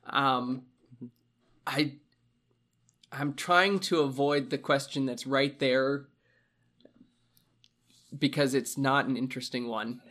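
A man's voice: mid-range voice, steady tone, takes it slowly, long pauses, a bit bright. A man hosting a book podcast in casual chat, hesitant with lots of fillers and frequent chuckles. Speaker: podcast host.

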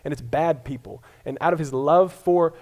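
This young Colorado pastor preaches at a moderate pace, his voice a little high and a little mellow. He stays casual and self-deprecating, often stammering and starting his sentences over.

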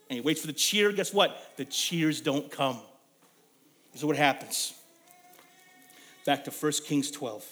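Male preacher, young adult, high voice, storytelling sermon, loud then hushed. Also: lively intonation, a little slow, long pauses, faint music behind. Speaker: pastor.

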